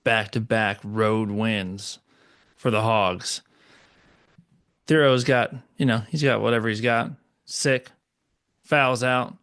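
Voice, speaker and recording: A man's voice: on the low side, steady tone, slow, long pauses, a bit bright, clean tone. A man co-hosting a basketball recap show, talking in a loose, casual way with plenty of fillers. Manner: loose, conversational, lots of fillers. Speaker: podcast co-host. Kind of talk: casual sports recap chat.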